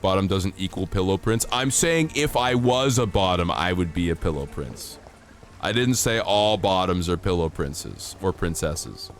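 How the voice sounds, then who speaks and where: Man, streamer, casual gaming chat, playful banter, lowish voice, very expressive pitch. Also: normal speed. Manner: laughs often.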